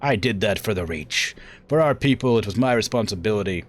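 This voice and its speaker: A man's voice: lowish voice, expressive, brisk, voice pushed up, close to an everyday voice. A man reading a proud, ruthless young woman mech warrior aloud from a game in an English accent, defiant and clipped. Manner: fierce, defiant, clipped threats.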